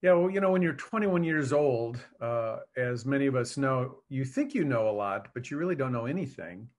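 A man in law enforcement answering interview questions in an earnest, measured way. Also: medium pitch, lively intonation. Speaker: law enforcement officer, guest.

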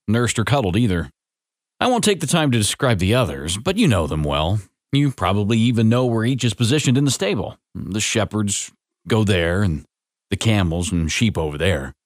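Low-voiced man reading a story. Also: no room sound, clean studio sound. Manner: gentle, reflective, expressive. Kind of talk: scripted story narration.

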